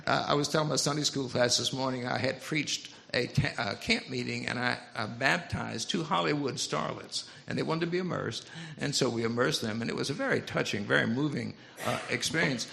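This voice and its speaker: An older Louisiana Cajun man with a mid-range voice and vocal fry preaches as pastor in a church sanctuary. His sermon is folksy and animated, built on humorous storytelling.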